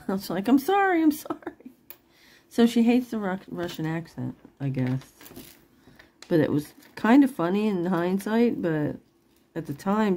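A woman's voice: mid-range voice, warm tone, a little hiss or hum. A middle-aged woman selling jewelry online in casual, rambling chat, laughing often and apologizing after she curses. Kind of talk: casual live-sale chat.

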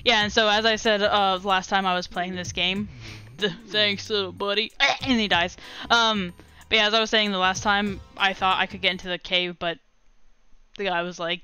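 Lively young woman streaming a game. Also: medium pitch, normal speed, clear, resonant tone, faint music behind. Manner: animated, laughs often, chats with viewers. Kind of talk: casual gameplay commentary.

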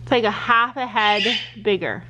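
A woman's voice: mid-range voice, normal speed, sharp tone, muffled recording, a little hiss or hum. A middle-aged woman vlogging at home, chatting casually and cooing playfully at her pets. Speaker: family vlogger. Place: family home, indoors.

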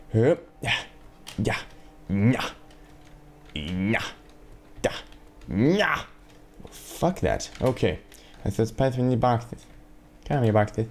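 A man's voice: fairly low pitch, expressive, slow, long pauses, slight background noise. A man giving sarcastic, rambling gameplay commentary to himself, swearing often, at a desk microphone. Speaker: let's play gamer.

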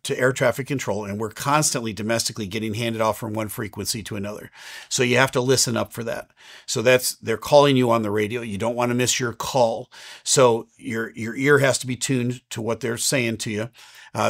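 A man in his fifties talks through how his job works with an easygoing, explanatory manner. His voice sits in a middle pitch, and he fills pauses with an unhurried "uh" as he goes. It sounds like a casual question-and-answer chat from a working captain. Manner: relaxed and explanatory, with frequent "uh" fillers.

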